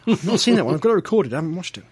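A podcast co-host reads a listener's email in an earnest, measured way. His voice is a touch high and breathy-husky, and the sound is close and dry. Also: sing-song, no room sound. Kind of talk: reading a listener email aloud.

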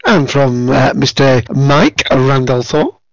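A man's voice: medium pitch, animated, slow, no echo, muffled recording. A man giving a joking holiday greeting as a podcast guest, with dry teasing.

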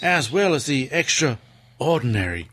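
A man co-hosting a podcast, reading news aloud slowly and laughing often in casual chat. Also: mid-range voice, very animated, a bit bright, breathy edge. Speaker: podcast co-host.

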